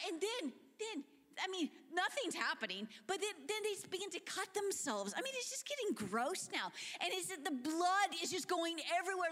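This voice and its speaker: A woman preaching a sermon, retelling a story in an animated, conversational way that drops into hushed tones. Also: medium pitch, normal speed. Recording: long hall reverb.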